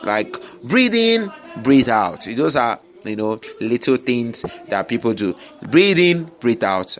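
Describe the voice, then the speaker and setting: Brief: male public speaking coach, mid-pitched voice, repeats himself for emphasis, webinar talk. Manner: emphatic, repeats key phrases, frequent "I get me?" check-ins. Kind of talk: webinar teaching. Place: noisy surroundings with distractions.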